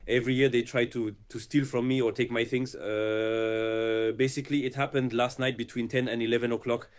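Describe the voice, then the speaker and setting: A man's voice: medium pitch, level tone, normal speed, clear, resonant tone. Hesitant man giving a video statement. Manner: hesitant, many uhs and restarts. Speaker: content creator.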